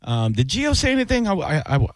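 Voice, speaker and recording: A man's voice: high voice, wildly swooping pitch, fairly quick, no echo. A man hosting a radio aftershow, chatting casually and joking with callers, with lots of fillers and restarts. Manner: rambling, filler-heavy, joking.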